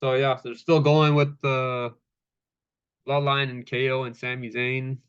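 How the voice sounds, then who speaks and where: A man's voice: mid-range voice, level tone, unhurried, a bit bright, clean tone, lo-fi sound. A man casually recapping a wrestling show, laid-back, with lots of fillers and swearing, acting out the quotes.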